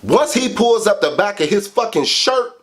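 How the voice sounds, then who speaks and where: A man telling a childhood story to camera in a casual, animated way, swearing heavily. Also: moderate pace. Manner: animated, profane, heavy swearing; big swings in pitch for emphasis. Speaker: vlogger.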